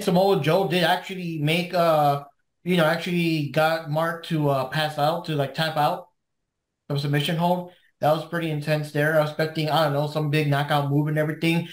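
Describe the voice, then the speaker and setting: A man hosting a podcast, reviewing matches in casual, rambling chat and laughing often. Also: a little high. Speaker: podcast host. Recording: roomy echo.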